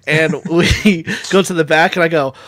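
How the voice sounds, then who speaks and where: A man telling stories in casual chat, animated, often dropping into hushed asides. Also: a little high, normal speed, no echo, studio quality.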